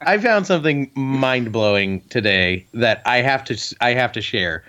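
A man's voice: mid-range voice, normal speed. A man co-hosting a podcast, telling crude comic stories and jumping into voices for the people he quotes. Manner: animated storyteller, does voices in quotes. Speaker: podcast co-host. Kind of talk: crude comedic banter. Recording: muffled lo-fi podcast audio.

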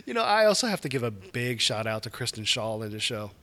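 A man's voice: medium pitch, very animated, fast talker, bright, forceful tone. A man in casual podcast chat, easygoing and agreeable, telling a story.

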